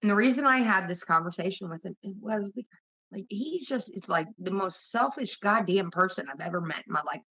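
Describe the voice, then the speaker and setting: A woman's voice: mid-range voice, animated, a little fast, pushed and bright. A woman hosting a livestream, venting casually to her chat in a blunt, heavily profane way. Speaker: livestream host. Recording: dull lo-fi stream audio.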